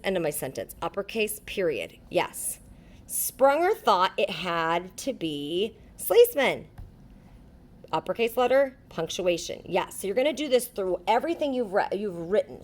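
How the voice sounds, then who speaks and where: A woman teaching a writing lesson to third graders, reading her example sentences aloud as she explains punctuation. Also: fairly low pitch.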